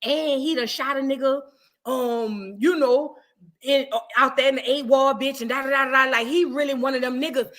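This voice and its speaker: A woman's voice: high voice, fairly even intonation, moderate pace, a bit bright. A woman voicing a brash, frank teenage girl student who speaks in a streetwise, matter-of-fact way. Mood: gossiping.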